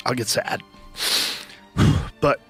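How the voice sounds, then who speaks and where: An actor voicing a chatty, incredulous podcast host in an animated parody. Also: male voice, slow, faint music behind. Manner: excitable, animated storytelling. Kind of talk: comedic parody banter.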